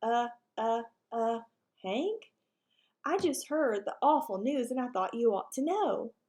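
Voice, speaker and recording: Lady reader doing a nervous little ranch dog, squeaky and scared-sounding, voice way up high. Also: lively intonation, slow pace, a little mellow. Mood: panicked. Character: timid, jittery young male ranch dog.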